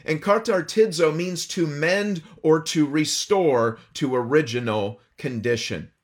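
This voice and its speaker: A man preaching an expository sermon, earnest and emphatic, slowing down to stress key phrases. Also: on the high side. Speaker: pastor.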